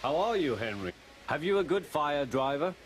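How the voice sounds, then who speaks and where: A man voicing the brisk railway boss. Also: on the high side, sing-song, slight background noise, voice pushed up. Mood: firm. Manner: brisk, commanding. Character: stout, fussy older male railway boss.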